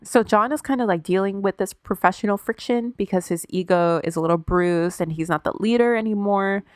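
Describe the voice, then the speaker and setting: A woman's voice: mid-range voice, brisk, dry recording, studio quality. A woman co-hosting a podcast, telling a story in casual chat, loose and profane, with plenty of "like" fillers. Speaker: podcast co-host.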